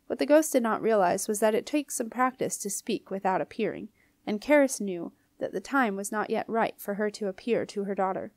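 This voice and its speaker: Female audiobook reader, expressive storytelling, mid pitch, very dry sound. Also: brisk, no room sound. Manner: clear, expressive reading. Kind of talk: storybook narration.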